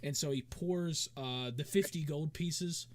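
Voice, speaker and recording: A man's voice: on the high side, measured pace. A man running a tabletop game as game master, narrating in a rambling way full of fillers.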